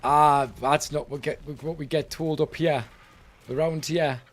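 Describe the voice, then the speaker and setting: English male streamer, teasing and chatty, higher-pitched voice. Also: steady tone, measured pace. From England. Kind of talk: casual gaming stream chat.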